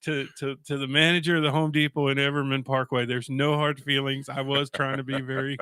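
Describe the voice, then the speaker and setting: A man, a radio guest telling animated stories in a casual chat and chuckling as he goes. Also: mid-range voice, a little fast, smooth, dry recording, studio quality.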